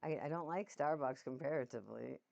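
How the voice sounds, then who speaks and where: A woman from Massachusetts co-hosts a podcast in a rambling, easygoing way, laughing often. Her voice has a gravelly, fried edge. The recording sounds dull and lo-fi. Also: sits low, a little fast, a little mellow. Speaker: podcast co-host. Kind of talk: casual chat.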